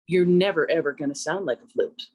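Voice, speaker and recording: A woman singer from Canada talking through her craft in a relaxed radio interview, reflective and conversational, lifting her pitch when she quotes herself. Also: brisk, husky, dry recording. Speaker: singer and vocal coach, interview guest.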